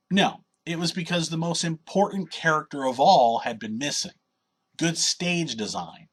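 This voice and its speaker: A man's voice: on the high side, a bit bright, breathy edge. A man reading a scripted video game review in an opinionated, wry and sardonic way.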